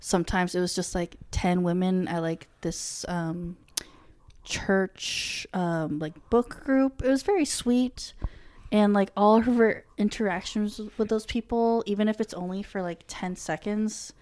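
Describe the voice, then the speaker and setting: A woman's voice: medium pitch, unhurried, a little mellow. A young woman chatting casually as a podcast co-host, with many ums and free swearing. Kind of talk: casual chat.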